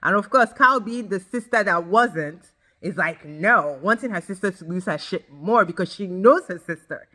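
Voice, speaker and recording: Speaking at normal speed with a medium-pitched voice, a woman rants her way through a reality show recap. She's blunt and animated, curses freely, and addresses her viewers directly.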